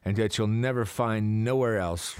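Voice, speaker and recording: A man's voice: fairly low pitch, moderate pace, clear, resonant tone, dry recording. A man co-hosting a comedy podcast, tossing in wry, dry asides. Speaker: podcast co-host. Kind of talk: casual comedic chat.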